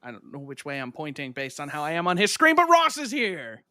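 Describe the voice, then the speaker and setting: A young man hosts a casual podcast, telling stories and acting out the voices of the people in them. His voice is fairly high and bright, and it swings widely in pitch. The sound is dry and close. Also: a little fast, no echo. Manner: animated storyteller, acts out voices when retelling. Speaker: podcast host. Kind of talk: casual chat.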